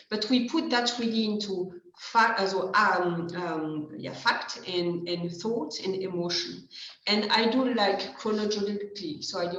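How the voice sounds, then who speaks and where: A woman's voice: mid-range voice, a bit bright, reverberant, highs cut off. A woman with a French accent, a coach explaining her method hesitantly with many fillers in a casual video chat. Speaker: transformation coach, co-host.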